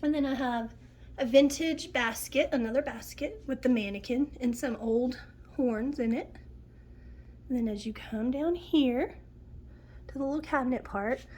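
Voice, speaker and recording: A middle-aged woman talks through her decorated home in a chatty, homey way. She names the items one by one. Her voice sits a little high and sounds nasal and sniffly from a cold. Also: a little mellow. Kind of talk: casual home tour narration.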